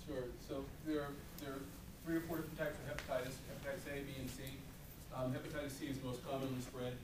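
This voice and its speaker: A man's voice: mid-range voice, little pitch movement, fast. A man explaining health facts to an audience in an informal way, with frequent fillers. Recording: echoey room, distant mic, audible noise.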